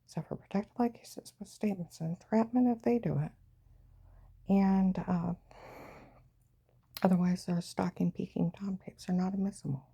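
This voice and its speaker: A woman's voice: medium pitch, fairly even intonation, normal speed, creaky, pauses often, warm tone, breathy edge. A woman telling a rambling, agitated personal story, often dropping into a half whisper.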